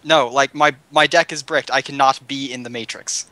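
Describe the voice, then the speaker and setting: A man's voice: mid-range voice, fairly even intonation, normal speed, bright, forceful tone. A man playing a tabletop game, explaining rules insistently in casual chat. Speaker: player.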